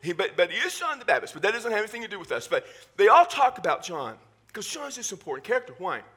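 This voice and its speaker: A male pastor with a Southern Texas accent preaching a sermon in church, animated and full of joking asides. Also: high voice, fast talker, breathy edge.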